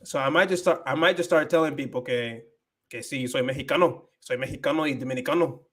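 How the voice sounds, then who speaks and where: Young american guy on a livestream, mid-pitch voice, native english speaker, flips into spanish a lot, lots of likes and restarts. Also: fast talker, a bit bright. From United States. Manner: switches between English and Spanish, many fillers and restarts. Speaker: livestream host. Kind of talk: casual livestream chat.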